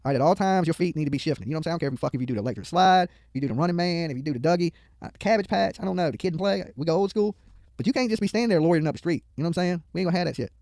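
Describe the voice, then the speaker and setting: A man's voice: a little high, lively intonation, racing, a little mellow, dry recording. A man giving profane, mocking live commentary on a video from a studio, heckling the people on screen and rambling into stories.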